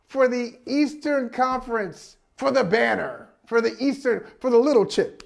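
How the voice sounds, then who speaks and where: A man with a notably high voice for a male speaker hosts a casual sports talk show. He argues animatedly and circles back over his phrases as he builds up a point. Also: normal speed, creaky, hardly any pauses.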